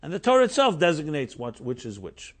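A middle-aged man, a rabbi, giving a Torah class, telling a story with emphatic rises and animated delivery. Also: on the high side, brisk.

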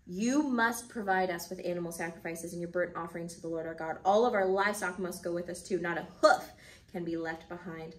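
A woman voicing a steady, earnest male prophet who leads his people, speaking near her own voice. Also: lowish voice, a little fast, far from the mic, close to an everyday voice. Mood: insistent. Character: calm, firm male prophet leader.

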